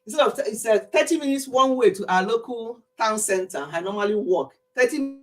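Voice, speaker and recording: A woman's voice: a little high, animated, brisk. A woman hosting a casual home livestream, chatting to viewers by name and laughing often, a little out of breath from exercising. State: slightly out of breath. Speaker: livestream host. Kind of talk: casual livestream chat with singing.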